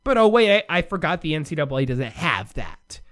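A man's voice: fairly high pitch, big pitch swings, brisk, fairly bright tone. A man hosting a solo sports commentary show from the United States, ranting sarcastically with big swings in his voice.

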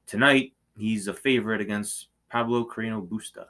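A man's voice: fairly low pitch, steady tone, normal speed, bright, forceful tone. A man co-hosting a sports betting talk show, easygoing and agreeable, often checking with a tag question. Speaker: sports betting podcast co-host. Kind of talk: casual banter about tennis odds.

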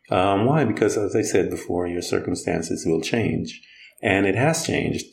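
A man's voice: lowish voice, darkish tone. A man preaching a conversational sermon, plain-spoken, retelling scripture stories and voicing the people in them. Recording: roomy echo.

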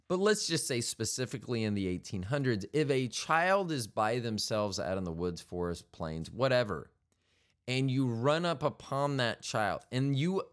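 A male podcast host talking in a rambling, casual monologue, wry and prone to correcting himself mid-sentence. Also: medium pitch. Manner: meandering, self-correcting, wry.

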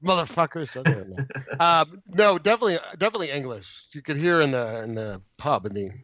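A man's voice: on the high side, animated, fast talker, fairly bright tone, dry recording. Jokey man on a lo-fi call. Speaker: podcast co-host. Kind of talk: casual podcast chat. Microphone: remote call microphone. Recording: dull lo-fi call audio.

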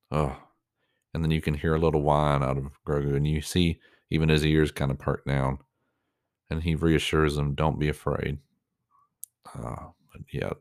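A man with an extremely low voice talks through a reaction commentary in a level, unvaried tone. He rambles and restarts, searching for words with plenty of fillers, earnest and clearly moved. The sound is dry and close, with no room around it. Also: little pitch movement, measured pace, pauses often, no echo.

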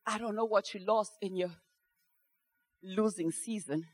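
A woman preaching a sermon with passion, swinging from hushed tones to shouting and repeating phrases for emphasis. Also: mid-range voice, measured pace, low-quality recording.

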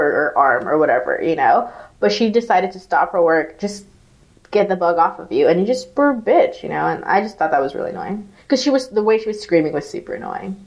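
A woman co-hosting a podcast, telling an animated, profanity-laced story full of "like" fillers in casual chat. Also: on the low side, lo-fi sound. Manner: animated, swearing, lots of "like" fillers. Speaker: podcast co-host.

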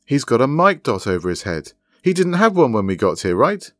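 In a clean studio recording with no room sound, a man voices an eager, obliging young gamer with a laptop. His medium-pitched delivery is very animated and fairly quick, pitched above his own voice yet close to an everyday one.

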